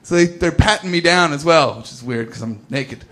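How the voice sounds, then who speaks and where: A man's voice: a little high, a little fast, fairly bright tone. A young man doing stand-up and then chatting as a guest, telling stories in a laid-back, self-mocking way. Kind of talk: stand-up set then chat-show interview. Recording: noisy live venue recording.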